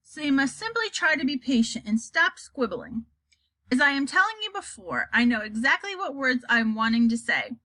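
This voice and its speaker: A woman's voice: high voice, very animated, normal speed, bright, forceful tone, dry recording, exaggerated voice. A woman voicing a very old, kindly male giant who jumbles his words, in a storybook reading. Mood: forlorn. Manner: jumbled grammar, delighted, playful.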